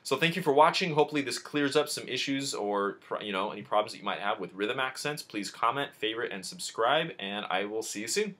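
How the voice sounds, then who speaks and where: A man's voice: mid-range voice, expressive, brisk, few pauses, a bit bright. A man teaching a beginner guitar lesson in a chatty, informal way, talking straight to the viewer. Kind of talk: casual video lesson. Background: guitar playing.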